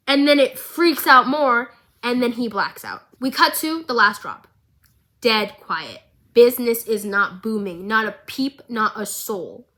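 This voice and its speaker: Excitable woman gushing through a recap. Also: on the high side. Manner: excitable and gushing, with quick asides. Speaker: vlogger. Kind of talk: casual recap commentary.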